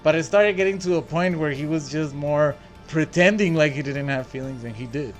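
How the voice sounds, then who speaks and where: A man from El Paso co-hosting a pop-culture podcast, laid-back and swearing casually in relaxed chat. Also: fairly high pitch, brisk, faint music behind. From El Paso, Texas. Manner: laid-back, swears a lot, laughs often. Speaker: podcast co-host.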